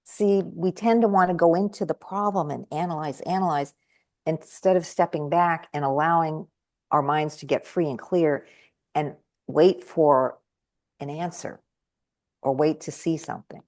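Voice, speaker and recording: Woman guest, a touch low in pitch, animated storyteller who acts out her quotes. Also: a little slow. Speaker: guest speaker and trainer. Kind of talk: conversational storytelling.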